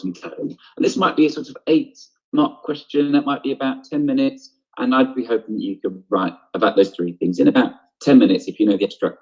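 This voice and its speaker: A man teaching a drama lesson over a video call, walking through each point and checking in with his students. His voice sits low and comes through husky and breathy. The call audio is dull and lo-fi. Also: darkish tone. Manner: explanatory, checking in with "okay?".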